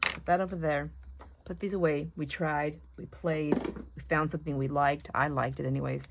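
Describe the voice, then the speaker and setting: A woman's voice: low-pitched, flat delivery, normal speed, vocal fry, background noise. A middle-aged woman chatting casually while she paints, rambling and laughing often. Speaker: craft vlogger.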